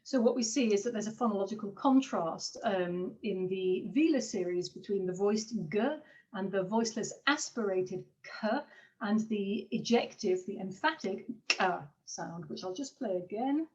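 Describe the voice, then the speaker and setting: A woman's voice: medium pitch, moderate pace, a little mellow. Hesitant woman lecturing over a muffled call. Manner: hesitant, many fillers and apologies. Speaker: linguistics lecturer. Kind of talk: academic seminar talk.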